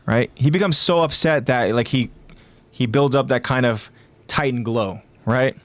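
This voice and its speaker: A man co-hosting a casual podcast discussion, animated, putting on raised voices for quoted lines and thinking aloud with fillers and restarts. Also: medium pitch, normal speed, no room sound. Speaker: podcast co-host.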